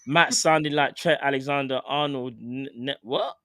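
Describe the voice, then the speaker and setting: A man's voice: medium pitch, fairly even intonation, normal speed, bright, forceful tone, clear, resonant tone, dry recording, studio quality. A man, co-hosting a live football chat show, full of slangy banter and laughter. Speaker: co-host.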